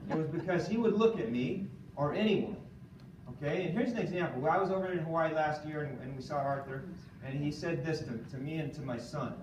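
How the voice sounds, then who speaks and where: Animated man quizzing a seminar audience. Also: fairly high pitch, a little fast, slight background noise. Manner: animated, quizzes the audience, keeps asking "okay?". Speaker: seminar speaker. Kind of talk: motivational training talk. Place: room with a live audience. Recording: echoey room from far off.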